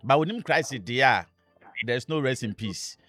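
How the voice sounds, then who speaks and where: A man with a Ghanaian accent hosting a radio call-in show, chatting casually with callers, laughing often and giving quick blessings. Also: medium pitch, expressive, a bit bright, dry recording, faint music behind.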